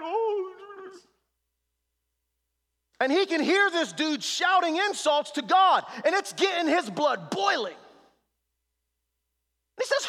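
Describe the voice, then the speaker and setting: High-voiced preacher man in a reverberant hall. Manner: preaching with swings from hushed to shouted; plain slangy street talk. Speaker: pastor. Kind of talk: sermon.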